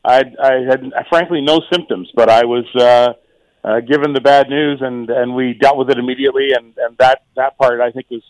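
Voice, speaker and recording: Halting middle-aged man, dry close sound. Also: medium pitch, steady tone, dry recording, poor audio. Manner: halting, many repeated words and fillers. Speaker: township mayor, radio guest. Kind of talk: casual radio interview.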